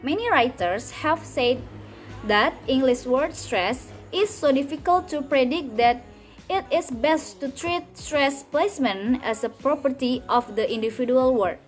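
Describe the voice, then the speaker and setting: A woman's voice: sits high, lively intonation, a little slow, faint music behind. A young woman student presenting a class project, reading a prepared explanation in a careful, textbook-style way. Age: young adult.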